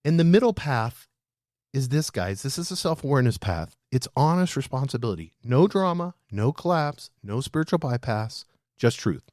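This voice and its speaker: A man hosting a leadership show, speaking straight to his listeners in a lively, animated way. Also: mid-range voice, moderate pace, no echo, studio quality. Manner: animated, addresses listeners as "guys". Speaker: podcast host.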